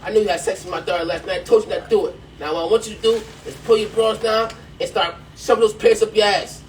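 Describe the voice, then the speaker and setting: Man voicing a stern farmer, gruff, threatening, heard from across the room. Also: high-pitched, fairly even intonation, quick pace, pitched above the performer's own voice, lightly acted. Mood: menacing. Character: stern middle-aged male farmer, menacing. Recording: distant mic, faint background noise.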